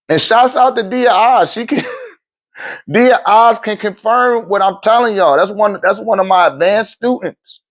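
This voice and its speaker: A man ranting to his livestream viewers as a spiritual teacher, blunt, profane and animated, laughing often between phrases. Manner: animated, swings between loud outbursts and low muttering. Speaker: spiritual teacher and seller of metaphysical goods.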